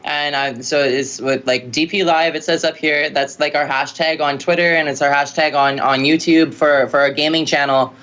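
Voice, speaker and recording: A woman musician telling stories in a casual interview, rambling and lively with lots of filler words. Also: sits low, moderate pace, hardly any pauses. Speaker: musician guest.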